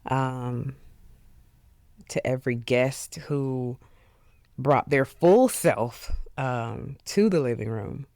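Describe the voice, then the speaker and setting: A podcast host speaking alone in an earnest, heartfelt way, with many pauses and fillers, openly emotional. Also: medium pitch, darkish tone, no room sound, studio quality. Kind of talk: solo reflective podcast monologue.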